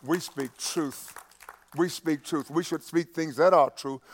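A man preaching a sermon, halting and repeating himself in quieter stretches, building to loud, impassioned preaching. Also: a little high, a little hiss or hum. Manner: halting, with many restarts and fillers.

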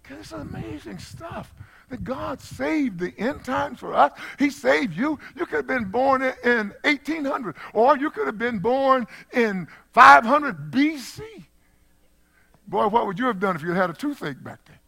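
An older man preaching a sermon as pastor, folksy and repetitive, chuckling as he goes, dropping to hushed asides and rising to shouted exclamations. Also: very high voice, lively intonation, a little slow, gravelly, breathy edge. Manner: folksy, repeats phrases, chuckles.

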